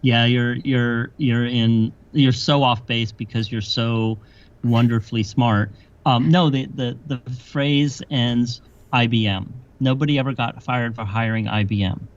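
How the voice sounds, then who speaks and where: A man's voice: medium pitch, fairly even intonation, measured pace. A man as a podcast guest, making his points emphatically with chains of rhetorical questions. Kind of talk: explanatory conversation. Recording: dull dry lo-fi sound.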